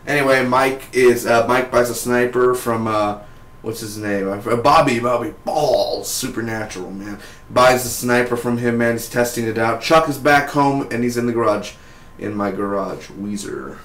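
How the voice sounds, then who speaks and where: Excited man reviewing a TV episode, echoey. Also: medium pitch, moderate pace. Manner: excited, chatty, peppered with "man" and "dude". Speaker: TV show reviewer. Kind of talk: casual spoiler review.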